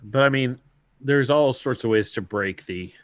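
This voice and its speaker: A man co-hosting a casual podcast chat, relaxed and chuckling, often restarting his sentences. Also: mid-range voice, measured pace, dry recording. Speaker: podcast co-host.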